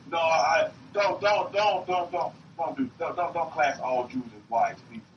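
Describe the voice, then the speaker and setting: High-voiced preacher in a roomy hall. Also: male voice, measured pace. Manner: emphatic, repeats himself, rises and drops in pitch. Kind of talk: sermon. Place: meeting room. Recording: roomy, distant, dull lo-fi recording with faint hiss.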